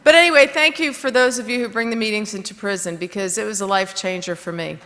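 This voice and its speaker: A woman from Florida giving a candid personal testimony to a conference crowd, full of fillers, restarts and lively acted-out quotes. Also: mid-range voice, quick pace, a little hiss or hum. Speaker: recovery speaker. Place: large conference hall. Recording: long hall reverb.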